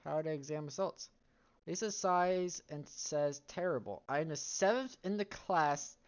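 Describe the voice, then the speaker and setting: Low-voiced woman reading a story game aloud. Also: moderate pace, a little mellow, lo-fi sound. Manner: reads text aloud, breaks off into wry comments and laughs. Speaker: game streamer.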